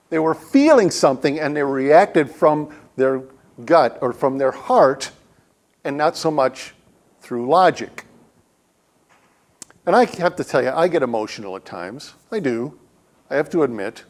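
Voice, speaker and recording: A man, a guest speaker, giving a conversational sermon in a church with humorous stories. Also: fairly high pitch. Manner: humorous storytelling, acts out quotes. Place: church sanctuary.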